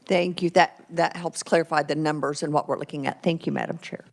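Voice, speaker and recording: Low-voiced woman asking committee questions. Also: steady tone, a little fast, creaky. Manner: inquisitive, apologetic, thinking aloud. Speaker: legislator, vice chair. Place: legislative committee room.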